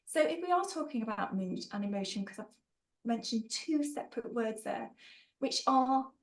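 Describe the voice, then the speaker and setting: A woman's voice: a little high, lively intonation, normal speed, rough recording. A woman leading an online training webinar, upbeat and jokey, reading out participants' answers and praising them. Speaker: workshop trainer.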